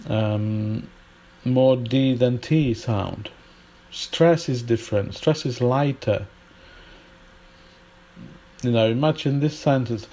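A British man teaching English pronunciation in a podcast lesson, repeating example words aloud slowly with pauses. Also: medium pitch, warm tone. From United Kingdom.

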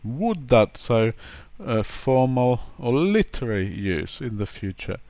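A man's voice: mid-range voice, expressive, a little slow, dark tone, no echo. A man giving a chatty, playful grammar lesson, acting out example sentences. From England. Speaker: English teacher.

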